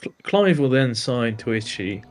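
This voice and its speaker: Halting man describing his character's moves. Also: medium pitch, sing-song. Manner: halting, frequent uh and restarts. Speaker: player. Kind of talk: casual tabletop chat.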